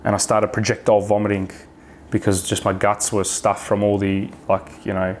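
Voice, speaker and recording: A man's voice: fairly low pitch, level tone, moderate pace, slight background noise. A man with an Australian accent, a podcast guest talking frankly in casual chat, swearing freely and restarting his sentences often.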